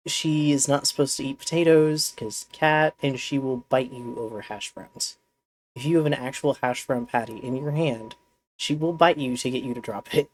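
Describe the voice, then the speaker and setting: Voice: mid-range voice, normal speed, slight background noise. A streamer in casual live-stream chat, rambling and talking fondly to a pet cat while playing.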